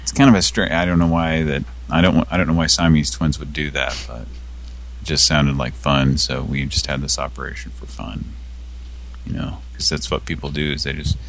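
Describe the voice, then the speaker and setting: Deep-voiced rambling, giggly man. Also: steady tone, a little fast, gravelly. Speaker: podcast co-host. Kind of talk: casual comedic chat.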